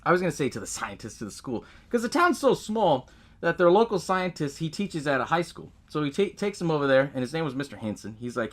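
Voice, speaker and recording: A man's voice: mid-range voice, big pitch swings, quick pace. A man hosting a podcast, recapping a movie in a loose, profane way and laughing often as he tells it. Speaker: podcast host.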